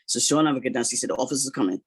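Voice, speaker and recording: A man recounts a personal story in a loose, animated way, peppering it with "you know" and "like". His voice is a little husky and sits at an ordinary middle pitch. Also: racing. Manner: animated retelling, heavy use of "you know" and "like".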